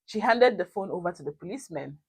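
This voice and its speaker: A young woman, talking straight to her viewers in a casual storytime vlog. Her voice sits on the low side, and her delivery is animated and expressive, full of emphasis. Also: fast, breathy edge. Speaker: vlogger.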